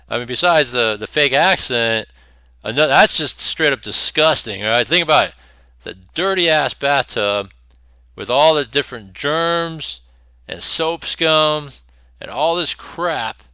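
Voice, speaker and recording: A man's voice: mid-range voice, pushed and bright, clean tone, no room sound. A man hosting a commentary show, talking bluntly and profanely with scornful laughs between points. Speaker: host. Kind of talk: opinionated commentary over clips.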